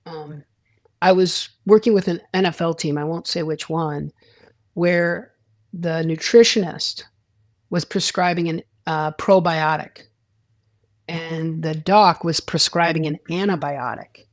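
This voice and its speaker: A man's voice: on the high side, steady tone, measured pace, no room sound, studio quality. A man, a sports psychologist, talking as a guest in a casual interview, rambling with restarts and acting out quoted dialogue.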